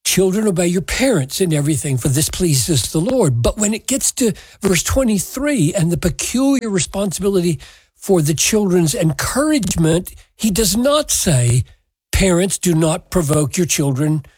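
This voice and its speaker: A man preaching a sermon, expounding scripture in a measured, emphatic way. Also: high voice, big pitch swings, darkish tone, slightly rough, no room sound, low-quality recording. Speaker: pastor.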